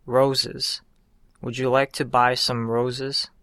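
Friendly young rose-selling woman read by a man, soft-spoken, polite, bright tone, dry sound. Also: medium pitch, little pitch movement, slow pace, clean tone, no echo. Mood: gentle.

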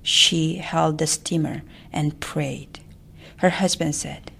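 A woman narrating a family memoir in a soft, often whispered voice. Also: deep voice, fairly even intonation, takes it slowly, gravelly, slight background noise. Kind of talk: memoir storytelling.

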